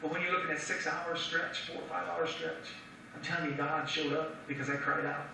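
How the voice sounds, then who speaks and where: A man's voice: a little high, fairly even intonation, brisk, creaky, noisy background. A man giving an emphatic, repetitive, folksy testimony, recorded from a distance in a large hall. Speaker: testimony speaker. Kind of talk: preached personal testimony.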